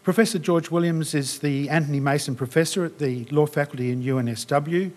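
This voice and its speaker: A man giving a polite, slightly halting formal introduction as an event host. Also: a little high, a little mellow.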